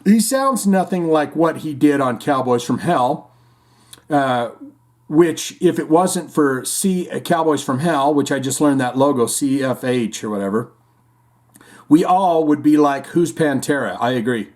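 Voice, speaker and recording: A man's voice: on the high side, unhurried, darkish tone. A man hosting a casual music podcast, rambling and joking as he reads out listener comments. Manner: rambling, jokey, puts on silly voices for punchlines. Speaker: podcast host.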